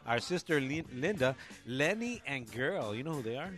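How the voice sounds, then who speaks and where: A man's voice: medium pitch, sing-song, normal speed, a bit bright, soft background music. A man co-hosting a casual podcast, loose and joking with lots of fillers. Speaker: co-host.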